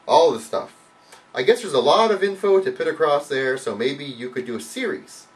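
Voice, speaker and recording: A man hosting his own vlog, answering viewer questions in a casual, heavily profane rant that bursts into loud, mocking outcries. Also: animated, normal speed, far from the mic. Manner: swears a lot, mocks with loud high outbursts.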